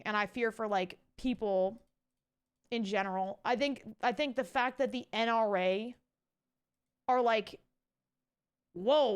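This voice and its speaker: Girl streaming, animated rant to chat, swears a lot, kinda high clean voice. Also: clean tone. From Canada. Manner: animated, ranty, swears casually, talks to chat. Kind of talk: casual live-stream chat.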